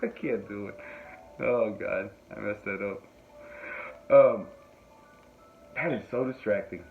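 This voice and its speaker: A podcast host with a voice on the low side, slow and creaky, tells a rambling comic story full of laughs and self-mocking asides. The audio sounds tinny, like a phone, with faint noise and faint music behind him.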